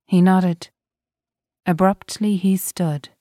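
A woman narrates a novel in a steady, deliberate way. Her voice sits slightly low and her pace is unhurried. The sound is dry and close to the mic. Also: no room sound. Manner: even, deliberate storytelling. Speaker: audiobook narrator. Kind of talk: scripted narration.

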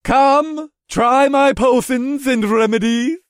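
A man voicing a boisterous, friendly male potion vendor who gushes a showy sales pitch. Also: wildly swooping pitch, a little slow, no room sound, studio quality. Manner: shouting, gushing salesman patter.

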